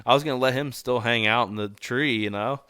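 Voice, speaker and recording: A young adult man telling a story as a podcast guest, animated, laughing often and swearing casually. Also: medium pitch, a little fast, clear, resonant tone, no room sound, studio quality.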